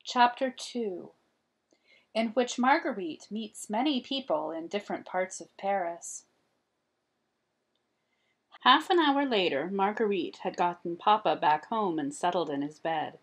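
A woman reading a children's picture book aloud as an expressive storyteller. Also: medium pitch, a little slow, slightly rough. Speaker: storybook reader.

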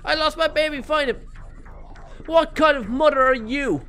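A man voicing a frantic woman shopper who lost her baby, shrill and demanding. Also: moderate pace, pushed and bright.

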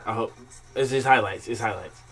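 A man's voice: lowish voice, a little fast, fairly bright tone. A young man co-hosting a reaction stream, joking and laughing in casual slang.

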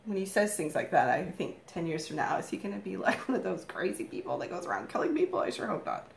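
A woman in her thirties doing a casual live makeup tutorial at home, chatty and rambling, with a morning voice and frequent throat-clearing. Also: lowish voice, very animated, fast talker, echoey room, a little hiss or hum. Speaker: makeup vlogger, live stream host.

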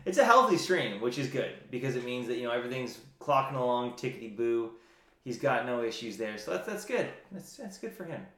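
A tipsy man of middling pitch, co-hosting a livestream with dry, joking asides that trail off. He is recorded in a roomy small apartment. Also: sing-song, a little fast, fairly bright tone. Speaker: co-host. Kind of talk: casual livestream banter.

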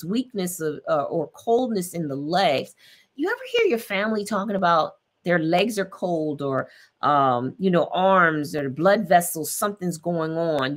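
A woman's voice: mid-range voice, a bit bright. Earnest woman hosting a health podcast. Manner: earnest, repetitive, speaks straight to listeners. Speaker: podcast host. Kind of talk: encouraging health talk.

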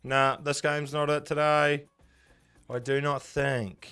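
A man's voice: on the high side, flat delivery, slow, pushed and bright, clean tone, soft background music. A young man with a New Zealand accent, chatting casually and swearing often while he live-streams slots and answers his chat. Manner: swears a lot, banters with chat. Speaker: gambling streamer.

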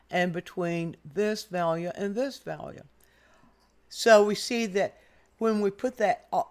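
An older woman walks the viewer through a painting lesson. Her delivery is patient and explanatory, and she guides the viewer's eye point by point. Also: on the low side. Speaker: art teacher.

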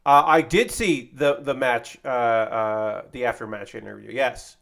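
A man's voice: mid-range voice, a little slow, vocal fry, a bit bright. A man chatting casually on his livestream, rambling and swearing freely, full of restarts and enthusiasm. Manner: rambling, profane, enthusiastic about wrestling; frequent fillers and restarts, acts out quotes animatedly. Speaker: streamer.

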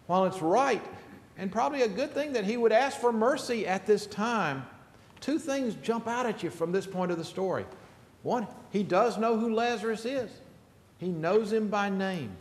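A man's voice: high-pitched, moderate pace, roomy sound, long reverb tail. A man pastor preaching an earnest, emphatic sermon in a church sanctuary.

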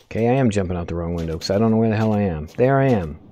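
A man giving let's play commentary, excitable, swearing often and talking back to the game. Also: on the low side, rapid-fire, muffled recording. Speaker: gaming video host.

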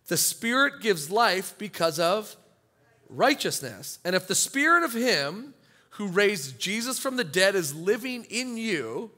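A young man preaching a sermon as pastor, casual and animated, often acting out the voices of churchgoers. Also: sits high. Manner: animated, acts out congregants' inner voices.

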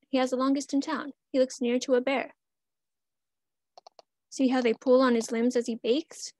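A gentle, wise mother gives her small daughter soft rhymed counsel, voiced by a woman reading the story aloud. Her voice sits high, and the sound is close and dry. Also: no room sound. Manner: soft, consoling rhymed verse.

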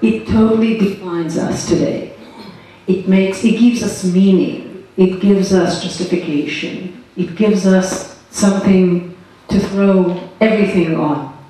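A woman's voice: medium pitch, fairly even intonation, slow pace, mellow, recorded from a distance, slight background noise. Emphatic woman in an echoey hall. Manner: earnest, emphatic, building arguments. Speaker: politician guest. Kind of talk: public conversation on stage.

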